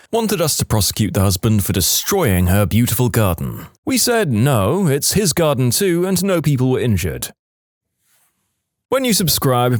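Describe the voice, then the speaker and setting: A man's voice: mid-range voice, dry recording, clean studio sound. A man narrating online stories in a wry, scripted storytelling manner.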